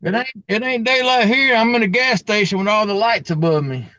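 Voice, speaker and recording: A man's voice: high voice, brisk, sharp tone, dry recording, lo-fi sound. A middle-aged man, chatting casually on a live stream from a gas station at night, drawling and repeating his words. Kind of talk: casual chat.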